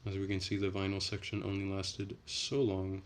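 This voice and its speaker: A young man on a casual late-night livestream, reading chat and rambling in a relaxed, soft-spoken way. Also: low voice, moderate pace, a little hiss or hum.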